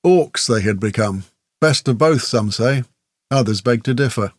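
A man narrating a fantasy audiobook in a steady, measured way. His voice sits in a middle pitch. The recording is dry and close, with no room around it. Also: no echo.

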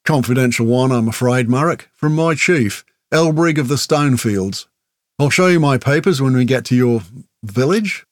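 A man's voice: medium pitch, expressive, moderate pace, no echo, natural voice. A man playing a worn-out orc traveller on a mission, blunt and plain-spoken, in a mid-range voice close to the reader's own. The sound is dry and close. It fits a fantasy audiobook. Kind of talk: audiobook character voice.

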